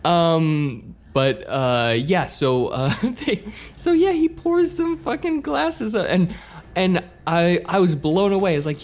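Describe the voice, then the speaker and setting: A man's voice: on the high side, slow pace, a little mellow. A man co-hosting a podcast, telling a story in a loose, rambling way with lots of fillers and joking asides. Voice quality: swears casually. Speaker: podcast co-host. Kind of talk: casual podcast chat.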